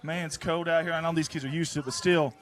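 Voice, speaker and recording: Man, stream host, earnest, repeats himself, high voice. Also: fairly even intonation, quick pace. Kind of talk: casual postgame chat.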